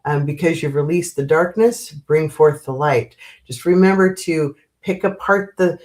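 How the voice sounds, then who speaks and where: Gentle rambling woman hosting a livestream. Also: low-pitched, unhurried. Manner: gentle, rambling, many fillers and restarts. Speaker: spiritual livestream host. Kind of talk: casual live chat with viewers.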